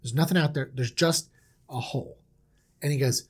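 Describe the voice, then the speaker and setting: A woman's voice: rumbling low, normal speed, darkish tone, slightly rough. A woman retelling a story in an irreverent, playful comedic style.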